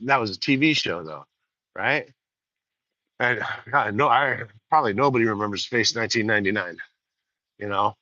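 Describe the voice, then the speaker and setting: A man talking in a casual solo podcast monologue, rambling, often laughing and correcting himself. His voice is bright and a bit tense. The sound is dry, with no room echo, and dull like a lo-fi recording. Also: fairly low pitch, moderate pace, long pauses. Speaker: podcast host.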